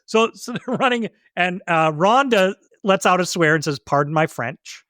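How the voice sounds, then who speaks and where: Male podcast co-host, high voice, relaxed giggly delivery, dry sound. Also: normal speed, no echo. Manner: easygoing, laughs often, hesitant restarts. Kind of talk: casual film discussion.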